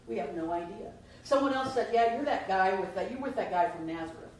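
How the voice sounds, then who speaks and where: A woman's voice: medium pitch, a little fast, few pauses, darkish tone. A woman minister, giving a conversational Easter sermon and asking the congregation questions, heard from a distant mic in a church. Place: church sanctuary. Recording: distant mic, very echoey hall, faint noise.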